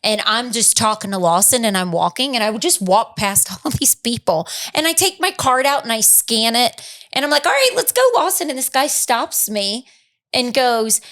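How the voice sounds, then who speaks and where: A woman in her thirties with a Chicago-area American accent, co-hosting a podcast and telling a story in a lively, casual way that acts out every quote. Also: normal speed. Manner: animated, acts out quotes with big pitch jumps, laughs while telling. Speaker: podcast co-host.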